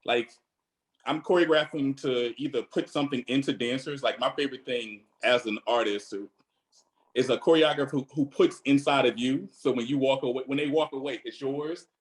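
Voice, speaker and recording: A man's voice: mid-range voice, normal speed, low-quality recording. A man with a Virginia accent, a choreographer on an online panel, talking earnestly on a video call and thinking aloud. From Virginia, USA.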